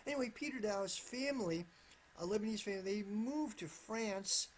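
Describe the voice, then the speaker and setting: A man's voice: high voice, moderate pace, a little hiss or hum. Rambling man repeating himself, hedging. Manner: rambling, with frequent restarts and repeated "absolutely"; careful, hedging tone. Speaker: political commentator. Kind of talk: solo political commentary.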